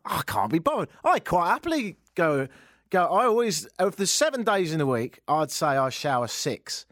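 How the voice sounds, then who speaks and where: Dry-humoured radio host. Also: male voice, fairly high pitch, big pitch swings, moderate pace, a bit bright, no room sound. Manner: dry, self-mocking, rambling. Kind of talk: casual talk radio. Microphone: studio mic.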